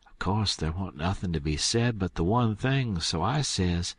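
A man's voice: low voice, expressive, normal speed, slightly rough, no room sound, clean studio sound. A man reading an audiobook aloud in first person, with an easygoing, folksy storytelling drawl. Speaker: audiobook narrator.

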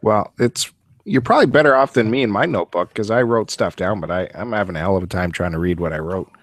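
A man hosts a casual podcast, teasing his co-host and laughing often. His voice sits low and the sound is dry and close. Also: fast talker, dry recording. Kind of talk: casual chat.

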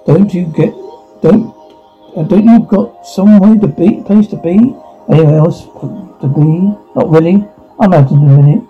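On a dull lo-fi recording with faint music behind, a man reads every part of a teen drama scene aloud, voicing the sound cues between lines. His voice sits high and husky, at a measured pace.

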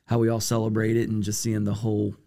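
A man's voice: on the low side, completely flat delivery, brisk, creaky, dark tone. A man co-hosting a church podcast, speaking in an upbeat way with short affirming remarks. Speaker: podcast co-host. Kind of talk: casual chat.

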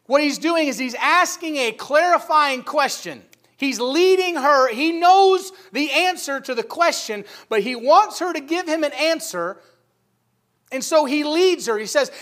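Male preacher, high voice, emphatic sermon delivery. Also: animated, a little slow. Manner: emphatic, rising loud for key points.

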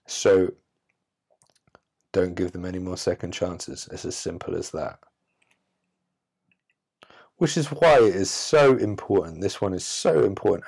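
Male solo podcaster, blunt and preachy, lowish pitch. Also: creaky, darkish tone. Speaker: podcast host.

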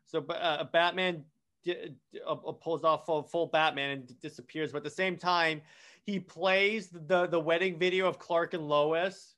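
A man's voice: a little high, steady tone, moderate pace, a bit bright. A man casually retelling a comic storyline, rambling with many restarts and false starts. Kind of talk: casual comic plot recap.

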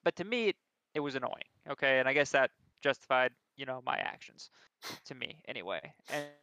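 A young man tells a self-deprecating story in a casual podcast chat, animated and quick to mock himself. His voice is bright, crisp and slightly high. The recording is dry and a bit dull, with a lo-fi edge. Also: no echo. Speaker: podcast co-host.

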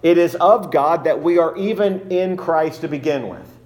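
A man preaching an expository sermon in a measured, emphatic way, slowing down to stress key phrases. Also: on the high side, a little mellow.

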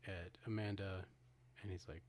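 A man's voice: low-pitched, level tone, moderate pace, a little mellow, a little hiss or hum. A man co-hosting a podcast, retelling a movie's ending in casual talk with many restarts and acted-out quotes. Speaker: podcast co-host. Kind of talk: casual film discussion.

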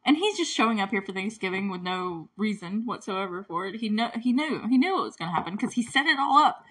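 A woman's voice: mid-range voice, expressive, quick pace, hardly any pauses, fairly bright tone, slightly rough. A woman casually recapping a movie, chatty and indignant, with lots of "like". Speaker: movie reviewer.

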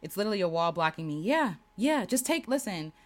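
A woman's voice: medium pitch, very animated, brisk. A woman hosting a casual livestream, reading viewers' comments aloud and answering them with affirmations and laughter. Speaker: host reading live chat.

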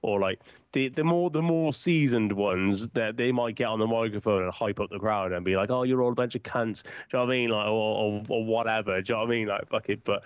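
A man's voice: on the low side, fast talker, clear, resonant tone, no echo, highs cut off. A man co-hosting a podcast, swearing freely and laughing as he tells stories in casual banter. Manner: sweary, laughs often, animated storytelling. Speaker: podcast co-host. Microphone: remote call.

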